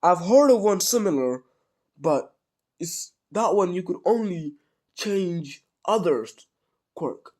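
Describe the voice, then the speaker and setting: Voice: mid-range voice, animated, takes it slowly, darkish tone, pitched above the performer's own voice. A speaker with a cold voicing a cheerful, theatrical adult male hero mentor in a casual fan story. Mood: hearty. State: sick with a cold.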